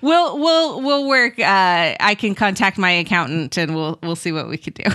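A woman hosting a podcast in casual chat, friendly and quick to laugh as she thinks aloud. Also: medium pitch, big pitch swings, a bit bright, dry recording, clean studio sound. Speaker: podcast host.

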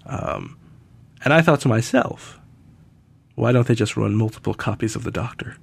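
A man's voice: medium pitch, moderate pace, gravelly, breathy edge. A man hosting a casual podcast, chatty, laughing often and acting out characters' lines as he recaps an episode. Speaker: podcast host.

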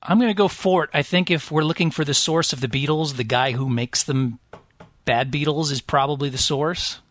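A man's voice: on the high side, normal speed, a bit bright, no echo. A man playing a tabletop game, wry and joking. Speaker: player. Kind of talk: casual game play.

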